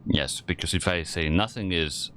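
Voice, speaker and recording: A man doing let's play commentary, excitable and argumentative, with a hoarse voice he is losing. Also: low voice, moderate pace, slight background noise. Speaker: gaming YouTuber.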